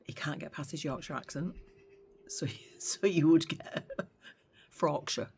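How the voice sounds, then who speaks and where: A woman's voice: deep voice, a little slow, vocal fry, darkish tone, whispered. A middle-aged woman vlogging in a casual chat, talking in a chatty, sarcastic way and often going off on tangents.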